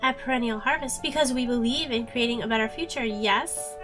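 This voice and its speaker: A woman's voice: a little high, music in the background, natural voice. Woman playing a pompous male boss. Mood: haughty. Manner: condescending, slow and deliberate. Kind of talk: reading a game's dialogue aloud.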